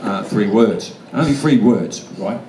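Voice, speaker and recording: Here a guest actor from the Australian outback spins casual stories at a fan convention Q&A, blunt and sweary, with frequent laughter. His voice is low and a little slow, and the far-off mic catches the echo of a big convention hall and faint room noise.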